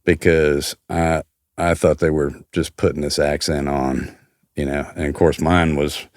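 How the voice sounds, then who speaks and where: Older male podcast guest, deep smooth voice, dry close sound, easy storyteller. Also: little pitch movement, measured pace, no room sound. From New York. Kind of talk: casual podcast chat.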